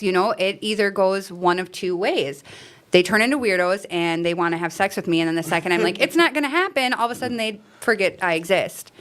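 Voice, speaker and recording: A woman's voice: fairly low pitch, fairly bright tone. A woman guest speaking in a casual recovery chat, telling rambling, profane stories full of fillers.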